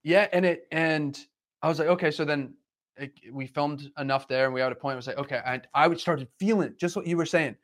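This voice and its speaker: A man telling stories in a casual conversation, talking fast and animated, rambling from one thought to the next. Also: fairly high pitch.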